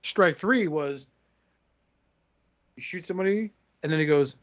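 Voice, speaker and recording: A man's voice: on the high side, unhurried, a little hiss or hum. A man from Jersey City hosting a podcast, telling a long profane story and acting out the quoted lines in it. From Jersey City, USA. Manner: profane, animated, acts out quoted dialogue. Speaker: podcast host. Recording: slightly muffled podcast audio.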